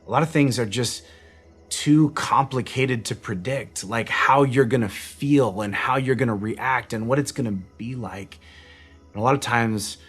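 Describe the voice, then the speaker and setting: A man's voice: medium pitch, unhurried, fairly bright tone, husky, faint music behind. A man, a pastor, giving an earnest and conversational devotional sermon outdoors in his backyard at nightfall. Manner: reflective, conversational, earnest, with frequent restarts.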